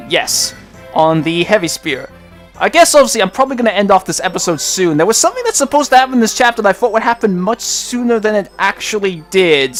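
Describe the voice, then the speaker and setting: A man hosting a let's play, talking through his moves in a chatty, rambling way with sudden excited outbursts. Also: on the high side. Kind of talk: casual gameplay commentary.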